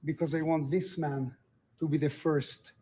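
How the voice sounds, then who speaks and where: An older man speaks in an earnest, confiding way in a recorded interview clip. His voice sits a little higher than most men's. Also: little pitch movement, measured pace, dark tone, breathy edge.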